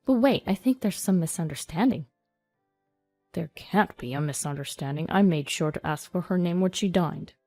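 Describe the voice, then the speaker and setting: A woman's voice: fairly low pitch, expressive, moderate pace, a little mellow, faint music behind. A woman voicing a greedy, threatening old male steakhouse owner, talking in a blustering, menacing way.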